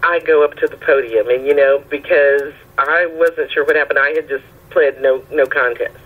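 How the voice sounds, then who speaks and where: A woman with a husky voice, calling in and telling a lively anecdote, often checking in with her listener. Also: deep voice, moderate pace. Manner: lively anecdotal storytelling, checks in with "right?" and "okay?". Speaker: caller telling a story. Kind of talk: casual phone storytelling. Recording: tinny phone line.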